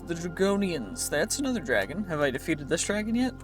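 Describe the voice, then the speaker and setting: A man's voice: a little high, big pitch swings, a little fast, faint music behind. A young man chatting playfully and rambling as he narrates his modded game, dropping goofy phrases now and then. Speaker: gaming video creator. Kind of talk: casual Minecraft let's-play commentary.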